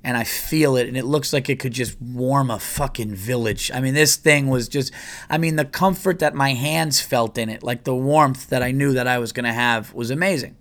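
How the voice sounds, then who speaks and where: A man's voice: mid-range voice, moderate pace, a bit bright. A man hosting a podcast, telling a story in a casual, rambling and profane way. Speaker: podcast host.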